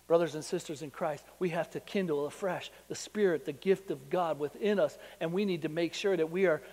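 A man preaching a sermon to his congregation. He asks them rhetorical questions and tells a personal story that builds in excitement. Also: on the high side, long reverb tail. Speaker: pastor.

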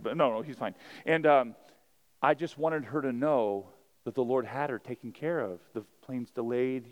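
Man preaching a conversational sermon. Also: mid-range voice. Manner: conversational storytelling with rising preached emphasis. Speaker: pastor.

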